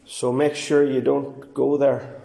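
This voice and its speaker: A man preaching a fervent sermon as pastor, swinging between quiet and raised passages. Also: medium pitch, flat delivery, slow, creaky, echoey room. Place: church.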